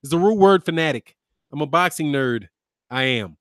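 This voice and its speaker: Man in his fifties, high-pitched, combative sarcastic rant, dry close sound. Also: expressive, normal speed, a bit bright, no room sound. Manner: combative, sarcastic, name-calling. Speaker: boxing channel host and lawyer. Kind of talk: ranting commentary replying to viewers.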